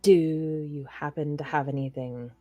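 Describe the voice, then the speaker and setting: Slow-speaking woman playing tabletop games. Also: low voice, fairly even intonation, mellow, no room sound, soft background music. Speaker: player and channel host. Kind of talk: casual tabletop game play.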